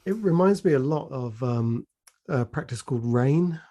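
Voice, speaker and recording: A man's voice: medium pitch, animated, normal speed, dark tone. A man hosting a podcast, talking casually and hesitantly with many fillers. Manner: hesitant, many ums and restarts. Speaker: podcast host.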